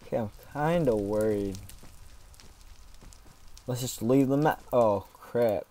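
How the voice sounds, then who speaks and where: A man's voice: mid-range voice, slow pace, mellow. A man giving let's play commentary, joking around and yelping in mock panic when things go wrong. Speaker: gaming YouTuber.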